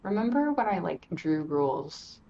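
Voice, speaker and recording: A tired woman chatting casually as a podcast guest, rambling excitably and swearing freely. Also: lowish voice, moderate pace. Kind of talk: casual chat. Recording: dull lo-fi mic.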